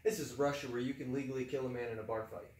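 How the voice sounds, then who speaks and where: A man's voice: mid-range voice, steady tone, very fast, darkish tone. Man chatting in an echoey room. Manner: conversational, hesitant with fillers, laughs often. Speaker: co-host. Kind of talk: casual podcast discussion. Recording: echoey room, distant mic.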